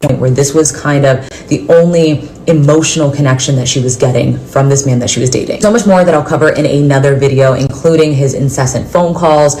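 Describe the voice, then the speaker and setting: A woman reporter recapping court testimony in a measured, matter-of-fact way. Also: rumbling low, a little mellow, a little hiss or hum, poor audio. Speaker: news reporter. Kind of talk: scripted news report.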